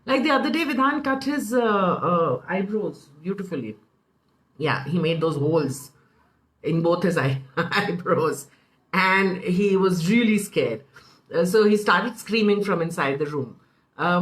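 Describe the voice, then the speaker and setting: A woman in her thirties with an Indian English accent, giving an informal parenting talk full of personal anecdotes. She tells her stories in an animated way and acts out what family members said. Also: on the low side, unhurried, rough recording. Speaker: parenting speaker.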